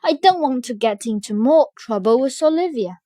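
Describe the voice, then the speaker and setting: A woman's voice: sits high, lively intonation, moderate pace, dark tone, no echo, clean studio sound. A woman voicing a rowdy knight who is wary of more trouble. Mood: weary. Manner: sighing.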